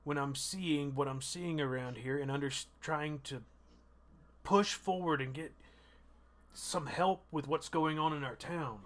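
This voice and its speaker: A man's voice: a little high, unhurried, fairly bright tone. A man playing a harried male envoy from a troubled town, talking defensively and at length. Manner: defensive, rambling.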